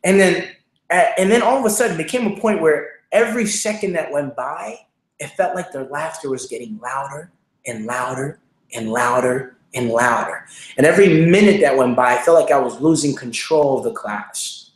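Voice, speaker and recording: Man, high voice, earnest, lots of fillers and repeats, motivational story, roomy echo. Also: moderate pace. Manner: earnest, repetitive, with many fillers. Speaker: show host, speaker.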